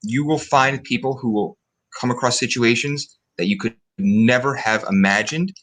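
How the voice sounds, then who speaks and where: A man guest giving calm, measured advice in an interview. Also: medium pitch. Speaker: guest, broker instructor.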